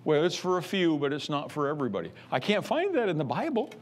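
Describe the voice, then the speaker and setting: A male pastor preaching a sermon in an emphatic, repetitive way, rising into loud bursts. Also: fairly high pitch, wildly swooping pitch, fast.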